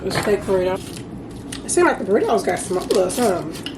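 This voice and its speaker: Young woman vlogger, chatty and playful, mid-pitched voice, noisy home audio. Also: big pitch swings, quick pace. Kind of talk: casual chat to camera. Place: home, indoors.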